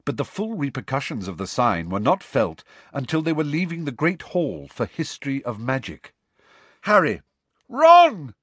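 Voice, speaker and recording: A man's voice: mid-range voice, normal speed, few pauses, breathy edge, no room sound. A man narrating a novel as an audiobook, telling it expressively. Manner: expressive storytelling. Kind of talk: scripted narration.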